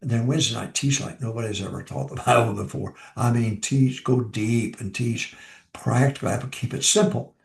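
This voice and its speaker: A man's voice: mid-range voice, normal speed, vocal fry, reverberant. An older man, a pastor, giving informal advice on preaching and repeating his key lines for emphasis.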